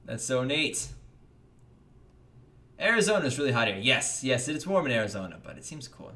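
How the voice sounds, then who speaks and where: Brief: young American man hosting a gaming livestream, bright voice, lively pitch that jumps when greeting chat. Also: normal speed. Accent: General American. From United States. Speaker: livestream host. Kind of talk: casual livestream chat reading donations.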